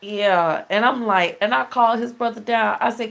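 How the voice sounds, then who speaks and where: A woman's voice: on the high side, normal speed, vocal fry, a bit bright. A middle-aged woman hosting a casual call-in show, telling stories in a chatty way and laughing often. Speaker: talk show host.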